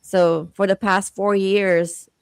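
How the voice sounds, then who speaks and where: A woman co-hosting a podcast, chatty and quick to laugh and tease. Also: medium pitch, level tone, smooth, dry recording. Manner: laughing, teasing, warm storytelling. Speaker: podcast co-host. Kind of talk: casual interview chat.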